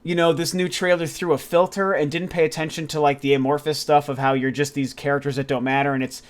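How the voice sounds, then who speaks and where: A man hosting a casual gaming news video, sharing candid and excitable opinions with frequent fillers and some swearing. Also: on the high side, fast.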